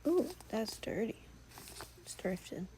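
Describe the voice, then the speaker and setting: A woman chatting casually as she sorts through her things, musing and thinking aloud, sometimes dropping to a soft whisper. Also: on the high side, very animated, slow pace, noisy background. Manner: drops to a soft whisper at times. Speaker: sewing vlogger. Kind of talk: casual narration while sorting.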